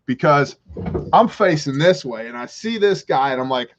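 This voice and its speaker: A man's voice: medium pitch, a little slow, dull audio, a little hiss or hum. Man telling stories on a livestream. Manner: animated, swears freely. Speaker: livestream host. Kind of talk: casual storytelling chat.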